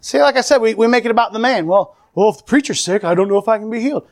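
Preacher guy, really high voice, fired up, keeps throwing amen at the crowd. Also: rapid-fire. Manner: fervent, calls out amen and praise the Lord to the congregation. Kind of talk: sermon.

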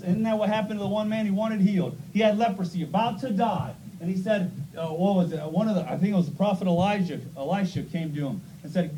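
A man's voice: high-pitched, dark tone, recorded from a distance, a little hiss or hum, rough recording. A man preaching a sermon in a church, emphatic and conversational, firing rhetorical questions at the congregation.

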